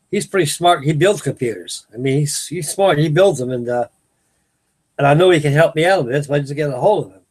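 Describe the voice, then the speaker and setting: An older man, talking in a meandering, folksy way to his viewers. His voice is husky and sits a little high for a man. He often stops partway through a sentence and starts it again. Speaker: host of a live stream. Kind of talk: rambling casual chat to viewers. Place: home at night.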